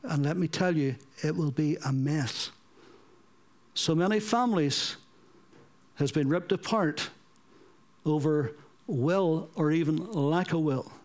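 A man's voice: on the high side, takes it slowly, pauses often, darkish tone. A man preaching a sermon, earnest and pleading, repeating points for emphasis and telling anecdotes.

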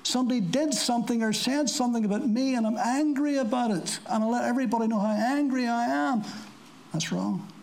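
At a church service, a preacher delivers a sermon to the congregation in plain language, using rhetorical questions and dry asides and slowing down whenever he quotes scripture. His mid-range voice is gravelly and a little mellow, and the audio quality is poor.

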